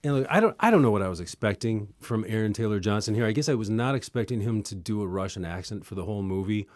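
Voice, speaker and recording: Young male reviewer, sarcastic and lively, dry close-miked delivery. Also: lowish voice, dry recording. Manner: sarcastic, animated, quick asides. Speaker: movie reviewer host. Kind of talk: casual sarcastic movie review.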